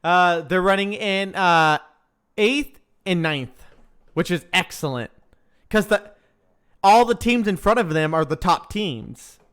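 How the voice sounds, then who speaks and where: A man's voice: sits high, expressive, takes it slowly, fairly bright tone, smooth. A man hosting a casual live stream, chatting and joking as he follows a practice session, often laughing at his own slips. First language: English.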